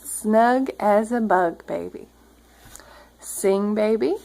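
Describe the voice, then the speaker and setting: A mother at home reading a picture book aloud to her toddler, gently coaxing and prompting the child along. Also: mid-range voice, takes it slowly, gravelly, rough recording.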